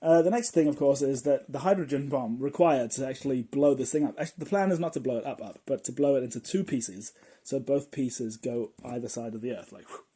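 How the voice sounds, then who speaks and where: A man hosting a casual explanatory podcast, telling his points in a playful, jokey, animated way. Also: medium pitch, fairly quick, breathy edge. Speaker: podcast host.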